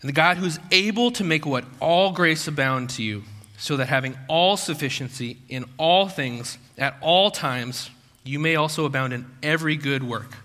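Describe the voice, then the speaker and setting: This man, a pastor, keeps his sermon conversational, posing rhetorical questions and performing quotes. His pushed, bright voice sits on the high side at a moderate pace, heard through long hall reverb.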